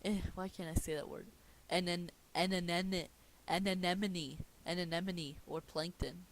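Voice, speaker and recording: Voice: mid-range voice, normal speed, creaky, a little mellow. A grumpy squid cashier who fumbles and restarts his words, as a casual reader plays him. The feel is an amateur cartoon script reading. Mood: fumbling. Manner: stumbling over words, fumbling.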